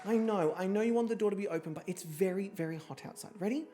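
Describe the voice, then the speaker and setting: A woman's voice: medium pitch, fast talker, dark tone, a faint crowd. A young woman streaming a life-sim game, chatting, swearing and laughing as she plays. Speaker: streamer hosting an interactive show. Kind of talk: casual game-stream commentary.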